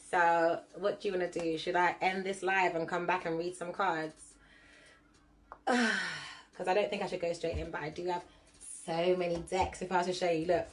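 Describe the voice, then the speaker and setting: A woman's voice: fairly low pitch, level tone, moderate pace. A woman hosting a casual livestream, chatting with viewers and reading cards. She laughs often and mixes patois with London slang. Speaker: livestream host and card reader.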